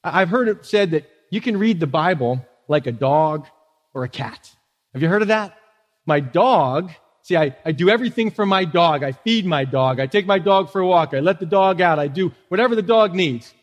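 Male pastor, high voice, casual preaching with rhetorical questions, long echo of a church hall. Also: lively intonation, normal speed. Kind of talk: sermon. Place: church sanctuary.

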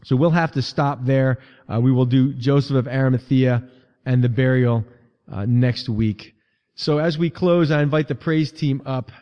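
Preaching from a church sanctuary, a man speaks in a steady mid-range voice at a moderate pace. He is earnest and conversational, stacking repeated phrases for rising emphasis, captured in a reverberant, muffled lo-fi recording.

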